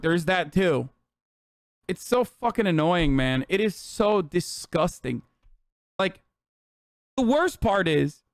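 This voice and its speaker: A man's voice: sits high, dry recording, studio quality. A male streamer ranting heatedly and sarcastically about politics to his chat, swearing often.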